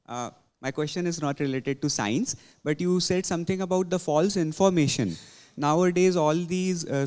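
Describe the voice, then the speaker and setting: A man asking a question from the audience at a press conference, eager and somewhat halting. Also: on the high side, darkish tone, smooth. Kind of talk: question from the floor. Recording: echoey hall.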